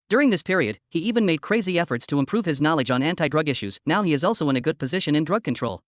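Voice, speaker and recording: Fast-talking male story narrator. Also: a little high, no echo, clean studio sound. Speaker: recap narrator.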